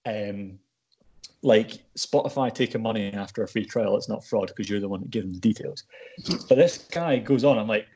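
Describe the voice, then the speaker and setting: A man's voice: on the low side, normal speed, darkish tone, slight background noise. A man, chatting casually on a podcast and telling a blunt, sweary story. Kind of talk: casual chat.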